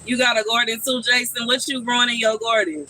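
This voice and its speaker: Bright high-voiced man chatting on a live stream. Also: level tone, brisk, a little hiss or hum, low-quality recording. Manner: chatty, answers viewers' questions. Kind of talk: casual live-stream chat with viewers. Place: outdoors in a backyard garden.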